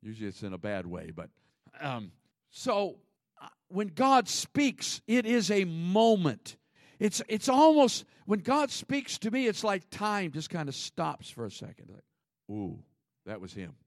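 Man preaching with loud and hushed swings. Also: high-pitched, sing-song, unhurried, dry recording, clean studio sound. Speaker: pastor. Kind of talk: sermon.

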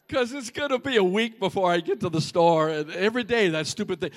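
A man preaching a humorous, animated sermon and addressing the congregation directly. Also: sits high, normal speed.

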